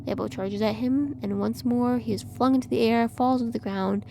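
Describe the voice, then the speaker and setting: A woman reading aloud a horror visual novel with measured, eerie narration. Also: on the high side, creaky, mellow, slight background noise. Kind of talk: dramatic game narration.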